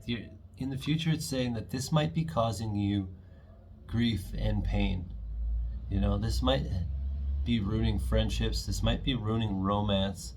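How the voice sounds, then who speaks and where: A man's voice: on the low side, darkish tone, a little hiss or hum. A man giving a casual, enthusiastic tarot reading, chatty and often acting out imagined quotes. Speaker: tarot reader.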